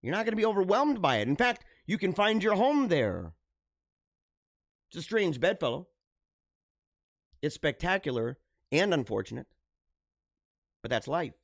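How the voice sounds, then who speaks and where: A middle-aged man hosting a live show, talking earnestly and haltingly to his viewers, often repeating himself and restarting phrases. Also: fairly high pitch, sing-song, no echo, studio quality. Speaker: livestream show host. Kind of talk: emotional personal monologue to viewers.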